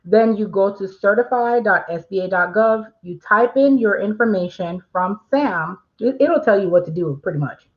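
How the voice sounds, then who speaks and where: Woman host, casual livestream explainer, chatty, mid pitch, slightly muffled lo-fi audio. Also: moderate pace. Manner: chatty, reads viewer questions aloud, frequent fillers.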